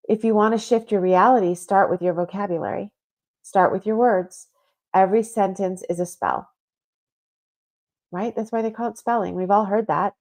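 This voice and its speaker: A woman's voice: medium pitch, steady tone, a little slow, pauses often, darkish tone. A woman hosting a spiritual talk show, chatting casually and reading listener comments aloud with lots of fillers. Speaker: podcast host.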